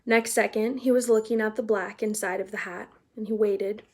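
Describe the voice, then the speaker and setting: A woman reading a children's novel aloud in a casual, chatty way, pausing to explain words for young listeners. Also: mid-range voice, fairly even intonation. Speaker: read-aloud narrator.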